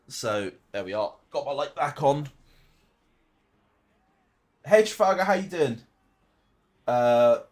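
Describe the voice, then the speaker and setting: A young man chatting casually on a live stream from his room at home, answering viewers' questions with frequent restarts. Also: mid-range voice. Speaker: game streamer.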